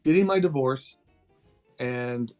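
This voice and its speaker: A man's voice: mid-range voice, slow, a little mellow, soft background music. An older man from Texas, a guest in a casual interview, talking candidly and laughing easily. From Texas, USA. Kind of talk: casual interview over a call.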